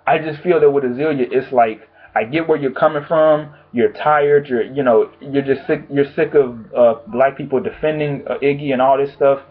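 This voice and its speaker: A man's voice: mid-range voice, normal speed, hardly any pauses. A man vlogging from home with blunt, profane, exasperated commentary on the news. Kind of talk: casual opinion commentary. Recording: tinny phone-like audio.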